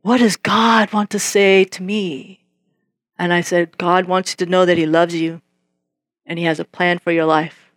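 A woman's voice: fairly low pitch, unhurried, dry recording, studio quality. A woman sharing her Christian testimony in a casual way. She tells the story vividly, acts out the conversations, and laughs often. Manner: lively storytelling, acts out both sides of conversations; laughs often while telling.

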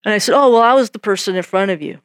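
A woman telling a faith testimony in a relaxed, conversational way. She acts out every exchange and keeps laughing as she goes. Her voice sounds dry and close, at a mid pitch. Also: racing, clean tone, no room sound. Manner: lively storytelling, acts out both sides of conversations; laughs often while telling. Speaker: speaker sharing a Christian testimony. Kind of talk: casual spoken testimony.

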